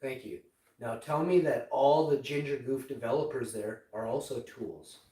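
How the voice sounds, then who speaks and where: A man's voice: mid-range voice, normal speed, dark tone, roomy sound, recorded from a distance, low-quality recording. A man in his forties streaming live and chatting with an AI assistant in a profane, rambling, mocking way. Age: 40s. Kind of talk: casual chat with an AI assistant.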